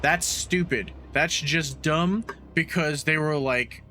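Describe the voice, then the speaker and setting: Bright, sarcastic man recapping a movie. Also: a little high, takes it slowly, faint music behind. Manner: sarcastic, recaps plot with blunt swearing. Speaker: podcast co-host. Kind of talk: casual movie recap chat.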